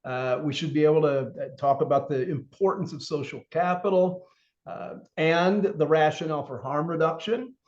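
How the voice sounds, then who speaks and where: A man with a somewhat high voice leads a training session, talking loosely and filling his pauses with ums and uhs. The audio is dull and lo-fi, as over a web call. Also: darkish tone. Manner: conversational, many fillers, reads through objectives.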